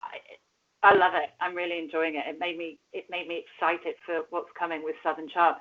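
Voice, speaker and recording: Brisk and level-toned, a woman with a lowish voice co-hosts a podcast about reality TV. She keeps it casual, laughing often and cursing now and then, over dull lo-fi sound.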